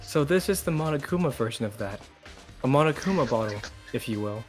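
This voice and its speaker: A man reading game dialogue aloud in a casual co-op playthrough, chatty and quick to laugh. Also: mid-range voice, animated, soft background music. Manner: chatty, rambling, laughs a lot. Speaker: co-player.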